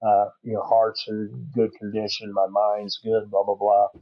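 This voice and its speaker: Low-voiced man spinning a folksy hunting tale. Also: completely flat delivery, measured pace, no room sound, dull audio. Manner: rambling, folksy, lots of fillers. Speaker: podcast guest. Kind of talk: casual storytelling.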